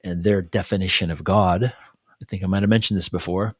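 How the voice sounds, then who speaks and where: A man's voice: deep voice, fairly even intonation, a little fast, husky, no echo, clean studio sound. A man co-hosting a podcast, talking in a reflective, casual way and often checking in with "you know" and "right?". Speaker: podcast co-host. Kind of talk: casual conversational podcast talk.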